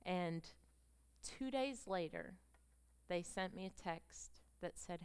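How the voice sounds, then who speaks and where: A middle-aged woman telling her story as a sermon to a group of women, moving from hushed storytelling to fervent, emotional exclamations. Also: lowish voice, animated, slow pace, smooth. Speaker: speaker at a women's gathering. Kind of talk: testimony sermon.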